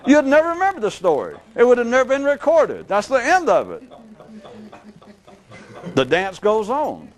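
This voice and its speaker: A man giving an unscripted philosophical lecture in a rambling, animated way, acting out the voices of people he quotes. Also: very high-pitched, normal speed, pauses often.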